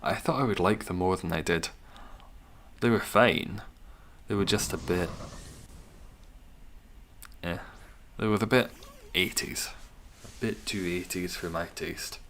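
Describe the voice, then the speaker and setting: A young man with a slightly low voice hosts a live gaming stream in an easy, chatty way. He reads and answers viewers' messages as he plays and teases them with dry humor. A faint hiss sits behind him. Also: a little slow, long pauses, fairly bright tone. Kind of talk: casual live-stream commentary while gaming.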